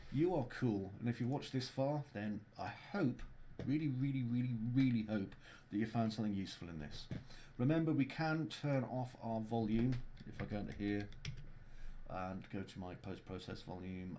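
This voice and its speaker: A man hosting a casual livestream tutorial as a game developer. He walks through his software in a playful, jokey way. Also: medium pitch, slight background noise.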